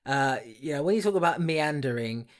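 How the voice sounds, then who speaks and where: This podcast co-host speaks a little fast, with lively intonation and a voice on the high side. He chats casually about horror films in a review format, teasing and sarcastic as he goes.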